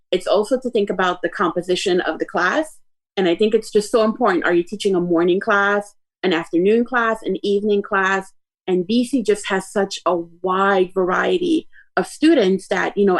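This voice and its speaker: A woman professor shares practical teaching advice in a calm, explanatory tone. Her voice is mid-pitched and conversational. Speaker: professor, guest.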